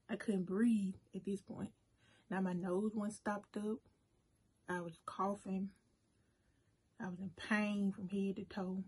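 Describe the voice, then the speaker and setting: A woman with a mellow, slightly husky voice tells a personal story in a loose, chatty way. She talks directly to her viewers and keeps the delivery animated. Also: medium pitch. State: emotional at moments, briefly choked up. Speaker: food vlogger. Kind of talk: casual storytime while eating.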